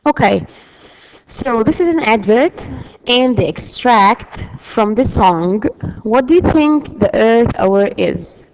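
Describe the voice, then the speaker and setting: Slow-speaking woman teaching a class. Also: fairly high pitch, animated, a little mellow, poor audio. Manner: slow, explaining patiently with many fillers. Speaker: English teacher. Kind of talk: classroom lesson.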